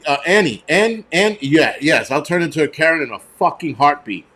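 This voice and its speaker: A middle-aged man with a fairly high voice hosts a casual livestream. He rants in an animated, profane way, swinging from grumbling asides to loud outbursts of disbelief. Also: moderate pace. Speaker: host.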